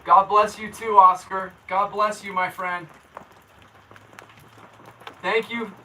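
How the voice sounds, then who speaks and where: A man's voice: high-pitched, steady tone, slow pace, pushed and bright, distant mic, a little hiss or hum, poor audio. A man hosting a casual weather livestream from his home, chatting with viewers in a laid-back, slangy way and reading their comments aloud. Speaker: local weather livestream host. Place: indoors at home.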